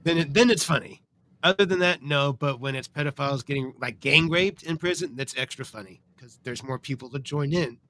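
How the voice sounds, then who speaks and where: A man on a casual podcast, agreeing in a matter-of-fact, deadpan way. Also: mid-range voice, fairly quick, a little hiss or hum.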